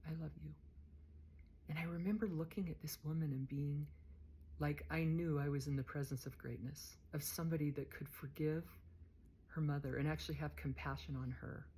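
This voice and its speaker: A woman's voice: deep voice, a little fast, slight background noise. A woman telling a personal story in an earnest way, acting out the dialogue she quotes. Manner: earnest, acts out quoted dialogue with lively shifts. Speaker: storyteller, former prisoner.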